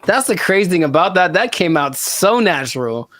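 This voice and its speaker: A man's voice: sits high, big pitch swings, normal speed, background noise. Rambling, laughing male podcast co-host. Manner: rambling, self-deprecating, laughs often. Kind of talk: casual chat.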